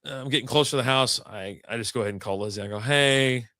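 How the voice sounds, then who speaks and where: Profane, animated man telling a story. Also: lowish voice, racing, dry recording, clean studio sound. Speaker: podcast host. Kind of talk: casual storytelling chat.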